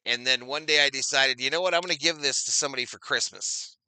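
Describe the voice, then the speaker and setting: A middle-aged man hosts a live watch-party stream in a medium-pitched voice that's fast, bright and forceful. He chats casually, reads viewer comments aloud, calls plays as they happen, repeats phrases and addresses chat as "y'all." The audio has no echo.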